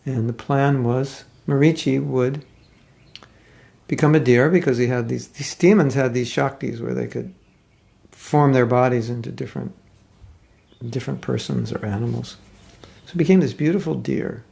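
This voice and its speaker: Spiritual teacher, very gravelly voice, chatty halting storyteller. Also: male voice, medium pitch, warm tone. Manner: conversational, halting retelling with asides. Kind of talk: storytelling sermon.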